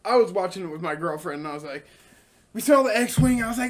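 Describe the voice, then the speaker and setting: A man with a very high voice and a lively, shifting pitch, chatting casually on a podcast. He is easygoing and agreeable, with quick flares of excitement as he tells his story. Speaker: podcast co-host.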